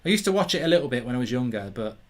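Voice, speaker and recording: Hosting a live football watchalong, a man rambles casually and reads viewer comments aloud. His mid-range voice swings widely in pitch and moves very fast.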